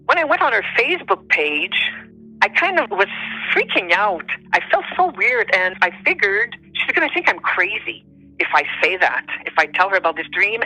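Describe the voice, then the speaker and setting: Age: unknown. Sex: woman. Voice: bright, earnest storyteller. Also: medium pitch, big pitch swings, normal speed, poor audio. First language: French. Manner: earnest, heartfelt, plainly emotional. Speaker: guest telling a true story. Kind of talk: personal storytelling.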